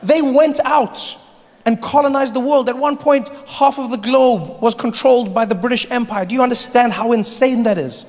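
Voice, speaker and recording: Male comic working a big room: animated, high, reverberant venue. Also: moderate pace. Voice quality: animated, storytelling. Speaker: stand-up comedian. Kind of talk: stand-up comedy. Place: large indoor comedy venue. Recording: long hall reverb, faint noise.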